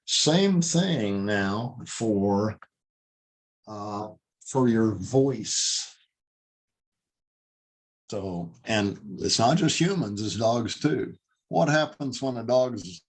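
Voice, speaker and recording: With a mid-range, somewhat dark voice, this dog trainer and instructor leads an online class on handling dogs via video call. He speaks emphatically and demonstrates tones of voice.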